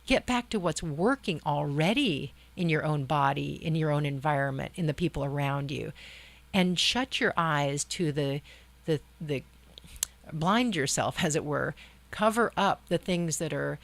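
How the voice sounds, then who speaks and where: A woman's voice: low voice, measured pace, vocal fry. A woman guest, a medical doctor, talking reflectively in an interview and often rephrasing mid-sentence. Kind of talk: conversational interview.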